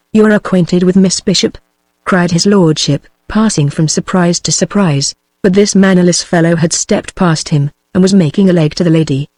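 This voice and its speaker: A text-to-speech woman's voice with a British English accent, reading an adventure novel aloud in steady, even audiobook narration. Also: on the low side, no room sound.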